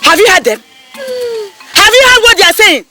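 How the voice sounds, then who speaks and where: An actress with a Nigerian English accent playing a fiercely protective mother who loudly accuses her daughter. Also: very high voice, very animated, moderate pace, heavily acted. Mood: outraged. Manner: loud, accusing, wailing. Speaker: mother of the family. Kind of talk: Nollywood film acting. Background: film score music.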